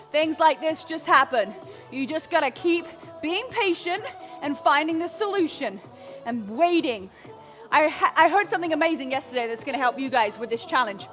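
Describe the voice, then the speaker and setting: Upbeat woman fitness coach with a high voice, a little breathless, counting down reps over faint music. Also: fairly bright tone. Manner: upbeat, encouraging, calls out counts and cues. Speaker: fitness instructor. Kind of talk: live workout instruction with motivational talk.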